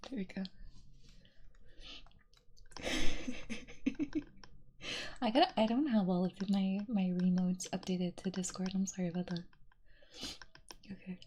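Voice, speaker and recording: A woman streamer in soft-spoken ASMR stream chat, slipping between whispers and quiet talk and giggling often. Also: mid-range voice, steady tone, slow pace, pauses often, a little hiss or hum.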